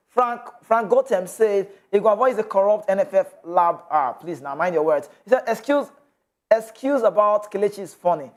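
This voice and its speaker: A man with a Nigerian accent hosting a football news show, chatty and loose, slipping into pidgin asides. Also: sits high. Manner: chatty, mixes in pidgin asides, laughs often. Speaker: sports show host. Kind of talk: casual football news commentary.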